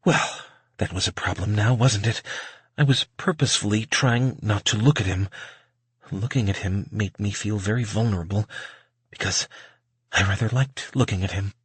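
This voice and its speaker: A man narrating an audiobook in the first person, with a measured, wry reading. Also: fairly low pitch, slightly rough, no echo.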